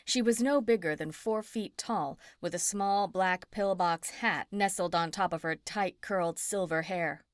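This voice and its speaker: A woman narrating an audiobook in the first person, in an even storytelling manner. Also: fairly low pitch, a little slow, hardly any pauses, dry recording, clean studio sound.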